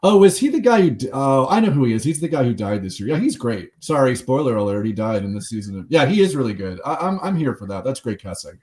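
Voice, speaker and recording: A man with a mid-pitched voice talks through the news on a casual podcast. He rambles in a loose, chatty way and tosses in quick asides and laughs. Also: big pitch swings, dark tone. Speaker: podcast host. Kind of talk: casual chat.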